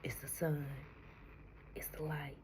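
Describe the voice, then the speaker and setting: In a low voice with a level tone, a woman tarot reader shares a spiritual message, slow and soothing, frequently slipping into a breathy whisper and addressing the listener as honey. She seems emotional and near tears, with background noise behind her.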